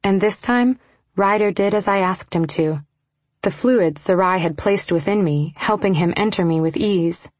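A young adult woman narrating a first-person romance audiobook in a soft, intimate reading style, slipping into whispers for dialogue. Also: mid-range voice, moderate pace, no room sound.

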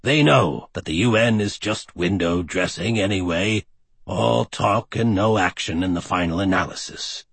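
A man voicing a calm, scheming male villain leader in an audiobook, speaking low, quiet and measured. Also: vocal fry, breathy edge, dry recording, full character voice. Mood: lecturing.

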